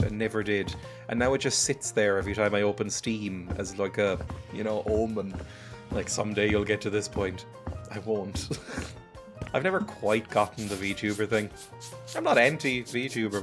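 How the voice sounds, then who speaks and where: Man rambling sarcastically over a game. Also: lowish voice. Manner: sarcastic rambling banter with frequent laughs. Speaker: gaming YouTuber. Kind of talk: casual let's-play commentary.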